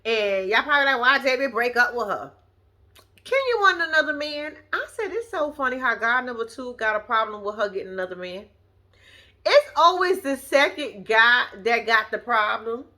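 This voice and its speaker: A woman's voice: a little high, lively intonation, normal speed, pushed and bright. A woman recapping a reality show episode in casual, profane chat, talking straight to her viewers.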